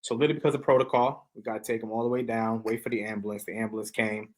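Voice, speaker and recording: A man who is a podcast guest and motivational speaker, telling stories in a lively, slangy, preacher-like way. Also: on the low side, rapid-fire, poor audio. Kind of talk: energetic storytelling in casual chat.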